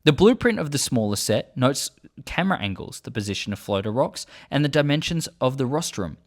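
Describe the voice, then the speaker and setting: A man hosting a video who reads book passages aloud and mixes in earnest, enthusiastic comments. His voice is mid-pitched, and his delivery moves through a lively, expressive range. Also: a little fast. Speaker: host.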